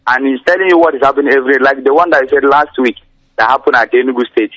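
A man's voice: mid-range voice, very fast, fairly bright tone, no echo. A man calls in to a radio show, speaking earnestly and going round in circles. The sound is dry, close and dull, like lo-fi radio. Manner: earnest, rambling, repetitive. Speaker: caller. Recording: muffled lo-fi radio call.

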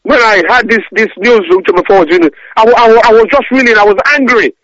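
A man's voice: high-pitched, fast, a bit bright, no echo. A man calling in to a radio talk show, ranting angrily and stumbling over his words. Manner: angry, repetitive stammering rant. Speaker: caller. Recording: dull lo-fi phone-in audio.

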